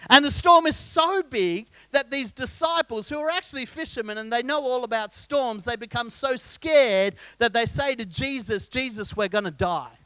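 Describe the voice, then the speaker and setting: A man's voice: very high-pitched, normal speed, hardly any pauses, smooth, dry recording. A man preaching a sermon as pastor, telling the story with humour and throwing questions at the congregation. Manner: lively storyteller, jokes and quizzes the congregation.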